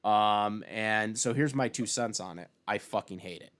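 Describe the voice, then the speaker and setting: A man's voice: on the low side, measured pace, a bit bright. A young man giving a casual, profane opinion rant about sports, with many fillers and restarts. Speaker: sports commentator vlogger.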